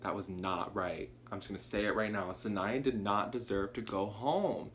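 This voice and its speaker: Indignant, outspoken contestant, low voice, faint hum behind. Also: moderate pace. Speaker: game contestant.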